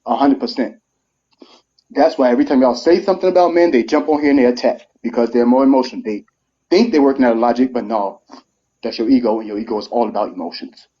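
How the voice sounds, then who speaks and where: With a medium-pitched, mellow voice at a quick pace, a man in his thirties appears as a guest on a live stream with muffled audio. He speaks earnestly and with feeling in an emotional monologue, his voice rising as he pleads his case.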